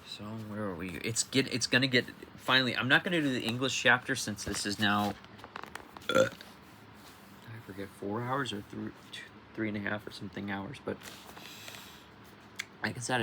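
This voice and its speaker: This livestream reader is a man with a lowish, sharp-toned voice, talking fairly quickly over a slight hiss or hum. He sounds sleepy as he chats casually through a read-along, rambling off on tangents and restarting often. Now and then he swears in quoted outbursts.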